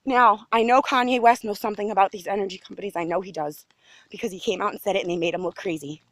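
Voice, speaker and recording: A woman's voice: medium pitch, steady tone, quick pace, dry recording. A woman giving a rambling, agitated monologue to the camera outdoors in her neighborhood, jumping from topic to topic. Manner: agitated, emphatic, jumps between topics. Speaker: vlogger.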